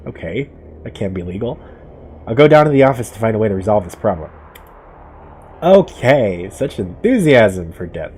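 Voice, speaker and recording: A man's voice: fairly low pitch, big pitch swings, moderate pace, long pauses, darkish tone, a little hiss or hum. A young man playing a horror game, reading the story aloud and cracking casual jokes between lines. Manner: casual, joking asides between dramatic read-outs. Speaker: gamer. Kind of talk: let's play commentary, reading game text aloud.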